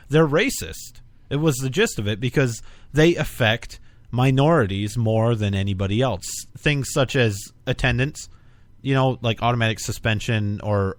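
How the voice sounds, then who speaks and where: A man's voice: medium pitch, dry recording. A man co-hosting a casual live talk show, easygoing and dry, playing along with the jokes. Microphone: studio mic.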